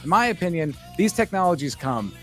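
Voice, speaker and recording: A man co-hosting a podcast, chatting casually and telling animated stories to make his points. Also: fairly high pitch, fairly quick, soft background music. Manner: storytelling, animated when making a point. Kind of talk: casual chat.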